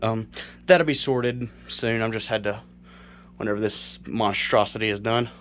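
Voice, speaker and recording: A man's voice: fairly low pitch, fairly even intonation, moderate pace, fairly bright tone. A young man from South Carolina, rambling through a casual home-build tutorial in his cluttered bedroom, full of fillers and self-corrections, a bit out of breath. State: slightly out of breath. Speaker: reptile keeper vlogger.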